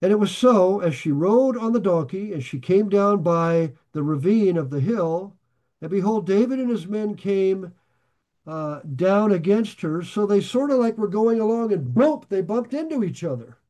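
Casual preacher, male, high voice, reads verse then riffs on it with jokes. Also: expressive, moderate pace, dark tone. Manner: reads scripture aloud, then explains it in a loose joking aside. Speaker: Bible teacher. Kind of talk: conversational Bible study sermon.

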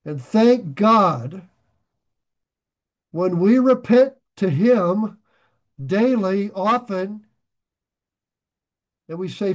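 Speaking very slowly and pausing often, an older man preaches with a high, spirited voice. His sermon is folksy and plain, mixing humor with scripture readings, and he abruptly gets louder to stress key ideas.

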